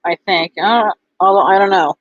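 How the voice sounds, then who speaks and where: A woman vlogger chatting casually to camera, halting often with ums and restarts. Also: mid-range voice, fairly even intonation, slight background noise. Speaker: vlogger and bracelet seller. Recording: dull lo-fi, dry sound.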